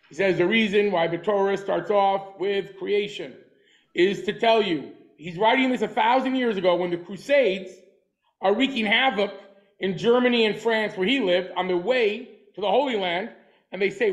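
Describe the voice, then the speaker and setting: Male lecturer, very high pitch for a man, forceful and emphatic, repeats short lines for effect. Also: normal speed, highs cut off. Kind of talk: lecture on a class.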